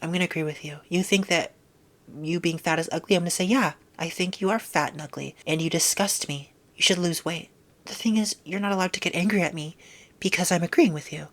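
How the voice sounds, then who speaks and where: Woman, young adult, lowish pitch, sarcastic, blunt, casual rant, whispered asides. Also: a little fast. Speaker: vlogger.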